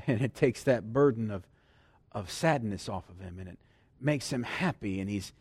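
A man preaching a sermon who swings from loud emphasis to hushed near-whispers and laughs often between points. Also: fairly low pitch, moderate pace, breathy edge, dry recording.

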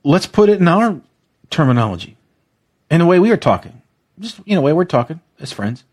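A man's voice: fairly high pitch, very animated, brisk, darkish tone. A man preaching a devotional teaching, exuberant and emotional, leading listeners to repeat phrases after him. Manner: exuberant, emotional, leads call-and-response repetition. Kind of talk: devotional teaching, podcast-style.

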